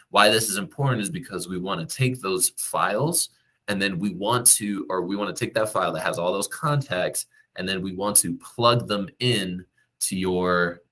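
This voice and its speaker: A man's voice: sits low, bright, forceful tone. A man who works as a real estate agent, giving direct, coaching advice to the viewer in a casual vlog.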